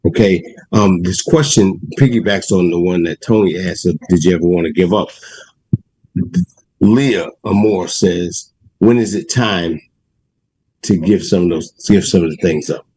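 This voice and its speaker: A man's voice: deep voice, mellow, breathy edge, poor audio. A man hosting a conversation, reacting briefly and reading questions from the chat to his guest. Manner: reads audience questions, quick affirmations. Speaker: host. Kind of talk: casual chat.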